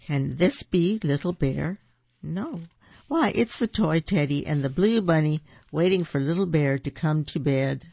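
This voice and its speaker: A reader reading children's picture books aloud in a gentle, expressive way. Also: medium pitch, unhurried, creaky, no echo. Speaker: storybook reader. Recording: dull, dry lo-fi recording.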